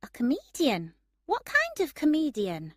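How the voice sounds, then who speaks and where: A woman's voice: high voice, wildly swooping pitch, a little slow, a bit bright, no echo, pitched above the performer's own voice, full character voice. A woman voicing a tired young waitress with a dry sense of humour in a storybook reading. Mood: wry.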